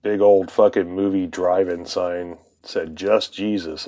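A man's voice: low voice, steady tone, a little slow, warm tone. A man tells a long, swearing-laced personal story in loose, rambling fashion. He often chuckles mid-sentence, and his voice sometimes drifts away from the microphone. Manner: profane, rambling, laughs often.

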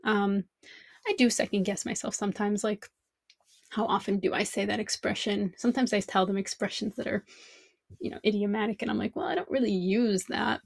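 A woman's voice: mid-range voice, level tone, a little fast, gravelly, no echo. A woman language teacher hosting a podcast, thinking aloud in a reflective monologue full of rhetorical questions.

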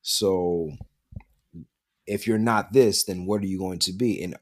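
A man's voice: deep voice, steady tone, unhurried, a little mellow. A man talking loosely in casual chat on a podcast, musing and swearing. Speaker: podcast co-host.

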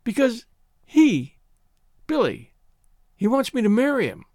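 A man's voice: high voice, huge pitch swings, normal speed, dry recording, clean studio sound. A man voicing a distraught young woman who sobs and pleads in a raised, wavering voice. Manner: sobbing, wailing, breathless pleading.

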